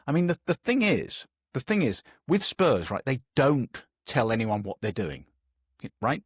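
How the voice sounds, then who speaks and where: A man with an English accent hosting a casual podcast chat, animated and given to swearing when worked up. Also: medium pitch, moderate pace, husky, dry recording, clean studio sound. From England. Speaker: podcast host.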